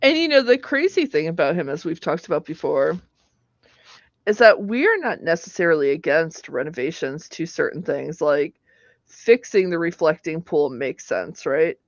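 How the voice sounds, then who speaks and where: A woman's voice: sits low, sing-song, moderate pace, dry recording. A woman co-hosting a political talk show, exasperated and joking as she chats. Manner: exasperated, joking, laughs often. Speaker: political podcast co-host. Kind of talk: casual political commentary. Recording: dry, dull lo-fi mic.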